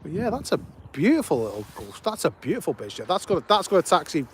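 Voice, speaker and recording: A man's voice: fairly high pitch, sing-song, fast, breathy edge. Chatty Scouse man hosting a live stream. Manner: chatty, greets viewers by name, enthusiastic commentary. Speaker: livestream host. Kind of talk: casual live-stream chat. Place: outdoors at an airport.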